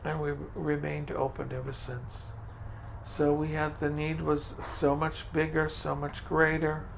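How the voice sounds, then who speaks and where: Older man, interview storyteller, gravelly, acts out conversations, slight background hiss. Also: on the high side, level tone, measured pace. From Franco-American, from Maine. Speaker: food pantry director. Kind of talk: oral history interview.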